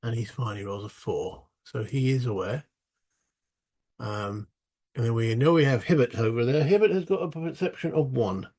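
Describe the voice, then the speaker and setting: A man's voice: medium pitch, moderate pace, warm tone. A British man narrating a solo tabletop wargame playthrough, chatting and thinking aloud as he goes, with self-mocking asides. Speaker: solo board game player.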